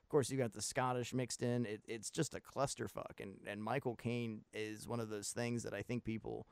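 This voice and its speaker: A man's voice: medium pitch, little pitch movement, normal speed, gravelly, clean tone, dry recording. A man co-hosting a movie podcast, talking in a rambling, profane, enthusiastic way. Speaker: podcast co-host. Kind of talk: casual movie podcast chat.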